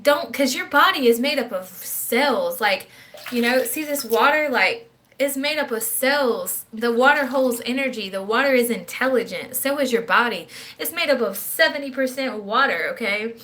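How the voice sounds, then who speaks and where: Blunt, bright-voiced Southern woman vlogger. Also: on the high side, animated, normal speed. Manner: blunt, profane, keeps asking okay?. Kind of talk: casual opinionated vlog.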